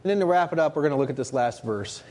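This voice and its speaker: Male preacher, husky tone, animated delivery, earnest and emphatic. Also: fairly high pitch, rapid-fire. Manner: earnest, rising to emphatic rhetorical questions. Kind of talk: sermon.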